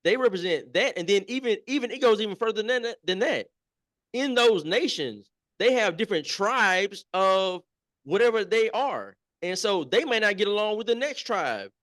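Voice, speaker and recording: Man, talk show guest, fairly high voice, dry close sound, emphatic, repeats himself. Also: animated, normal speed, fairly bright tone, no echo. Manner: emphatic, repeats points, conversational fillers. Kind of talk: casual political chat.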